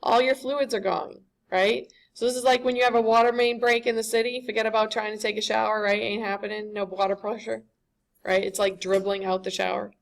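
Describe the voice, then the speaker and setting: A woman's voice: mid-range voice, flat delivery, fairly quick, vocal fry. A woman giving a classroom lecture, conversational and often checking in with the students.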